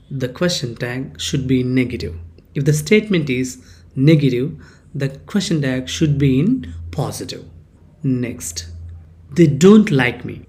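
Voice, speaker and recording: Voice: medium pitch, darkish tone. A teacher gives a grammar lesson. The teacher explains each point, then reads the example sentences aloud with stress and repeats them. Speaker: English teacher.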